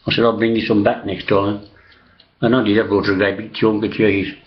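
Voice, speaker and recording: A man's voice: fairly low pitch, flat delivery, brisk. An older man, rambling through old memories with many fillers, restarts and casual swearing. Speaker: storyteller recalling old days. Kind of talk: rambling reminiscence. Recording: dull lo-fi sound.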